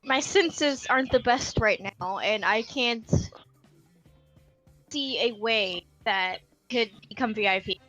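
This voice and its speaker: A woman's voice: a little high, slow, pushed and bright, faint music behind, rough recording. A woman playing in a tabletop game, talking hesitantly and trailing off. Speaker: player.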